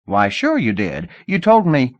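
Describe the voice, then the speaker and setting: A man voicing a nervous, quick-witted teenage beggar boy who bluffs under pressure. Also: medium pitch, huge pitch swings, no room sound, highs cut off, pitched above the performer's own voice. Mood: bluffing. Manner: bluffing, tense.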